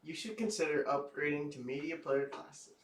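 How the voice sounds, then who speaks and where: A man co-hosts a casual livestream, dropping in short teasing remarks. His voice sits slightly high. He is picked up from some distance off the mic, in an echoey room with faint ambient noise behind him. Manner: teasing, chiming in with quick comments and laughs. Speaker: co-host, the host's son.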